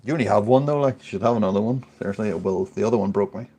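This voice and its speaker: Man, forties, tipsy, rambling, sweary, casual chat, lower pitch. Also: very fast, warm tone, breathy edge. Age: 40s. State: tipsy from drinking beer. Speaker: podcast regular.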